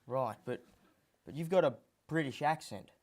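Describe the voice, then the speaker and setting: A man hosting a mock TV comedy show, with showy announcements broken up by flat deadpan asides. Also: mid-range voice, moderate pace.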